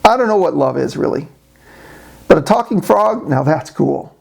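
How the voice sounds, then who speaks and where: A man's voice: fairly high pitch, animated, normal speed, vocal fry, full character voice. A man voicing a carefree young boy who shrugs things off in a joke. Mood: offhand. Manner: offhand, shrugging.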